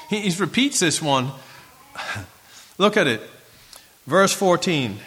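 Animated preacher man in a reverberant hall. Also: a little high, takes it slowly, pauses often. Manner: animated, acts out voices of biblical figures. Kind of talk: sermon.

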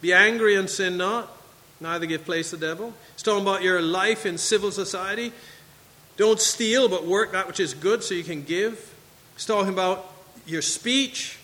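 A man's voice: high voice, normal speed, sharp tone, big-room sound, poor audio. A man preaching a sermon to his congregation, reading scripture and asking questions. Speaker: pastor. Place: church sanctuary.

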